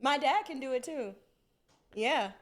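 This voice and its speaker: A woman's voice: high voice, lively intonation, measured pace. A young woman co-hosting a podcast in loose, giggly casual chat. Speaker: podcast co-host.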